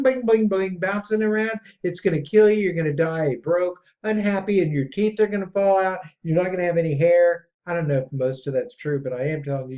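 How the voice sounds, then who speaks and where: A man hosting a podcast in a casual, rambling monologue that gets excitable. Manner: excitable and rambling, jumps between pitches. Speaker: podcast host. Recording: dull lo-fi audio.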